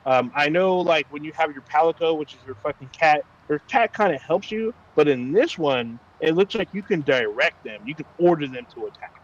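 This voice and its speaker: A man's voice: fairly high pitch, animated, a little fast, few pauses, lo-fi sound. A man co-hosting a casual gaming podcast, talking loosely with plenty of swearing and filler words. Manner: loose and profane, lots of fillers. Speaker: podcast co-host.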